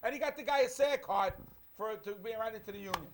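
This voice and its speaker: New talk show host guy, rambly, keeps restarting, highish voice. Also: fast talker, very noisy. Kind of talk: casual talk show chat.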